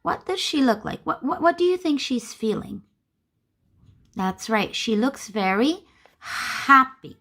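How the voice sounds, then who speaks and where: A woman teaches young children a phonics lesson at a slow, careful pace. She repeats words often and stresses each one clearly. Her pitch rises and falls a lot as she talks to the class. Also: very animated, sharp tone.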